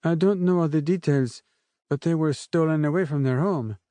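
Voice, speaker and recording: A man narrating an audiobook voices a young woman castaway who speaks softly with a French accent. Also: fairly high pitch, moderate pace, no room sound, studio quality, pitched above the performer's own voice, lightly acted. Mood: soft, gentle. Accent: French, put on. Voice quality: soft, gentle voice. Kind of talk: audiobook character voice.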